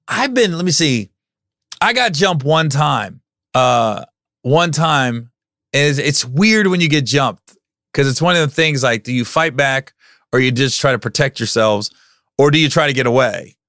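A man in his forties hosting a podcast, telling a personal story in a casual, animated way and acting out what people said. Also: medium pitch, no echo, clean studio sound. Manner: animated, acts out quotes in loud raised voices. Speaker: podcast host.

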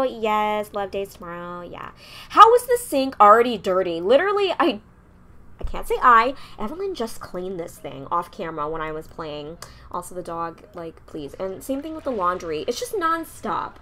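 A woman's voice: lowish voice, big pitch swings, normal speed, sharp tone. A young woman casually commenting while playing a life-simulation game, chatting along and scolding her characters in exasperation. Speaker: gameplay streamer.

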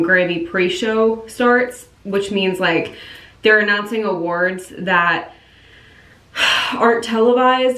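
A bubbly young woman talks straight to her phone camera in a casual vlog. She gushes excitedly and fills her sentences with "like". Her pitch sits in the middle of the range for a woman. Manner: bubbly and gushing, frequent "like" fillers. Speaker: vlogger. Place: at home, in a car and in stores.

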